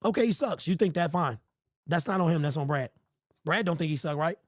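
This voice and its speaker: On a livestream sports show, the male host rants in a slightly high voice with lively intonation and a fairly quick pace, exasperated, repetitive and strained. The sound is dry and clean, like a studio.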